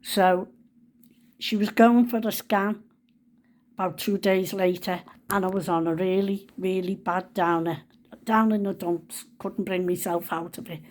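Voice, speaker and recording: A woman's voice: mid-range voice, fairly even intonation, measured pace, a little mellow. A woman. She tells a personal story casually, in a chatty, homely manner with everyday dialect.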